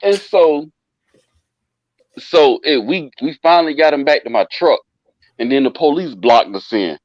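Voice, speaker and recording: A man's voice: on the high side, measured pace, no echo. Profane man telling a wild story, lo-fi. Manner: animated, profane, acts out quoted voices. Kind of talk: casual storytelling among friends. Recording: dull lo-fi dry sound.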